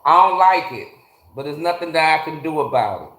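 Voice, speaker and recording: A man hosting a live phone stream from a garage, cursing freely and ranting bluntly while calling out his viewers by name. His voice sits a little on the high side, and the room gives it a hollow, echoey ring. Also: animated, fairly quick, fairly bright tone. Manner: blunt, profane ranting, greeting chatters by name. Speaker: livestream host. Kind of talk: casual livestream chat with viewers.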